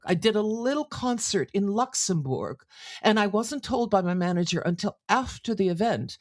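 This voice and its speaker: An older woman, a singer and actor from France raised in Canada, telling animated stories as an interview guest. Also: mid-range voice. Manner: animated storyteller, drops into quoted voices. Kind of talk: conversational interview storytelling.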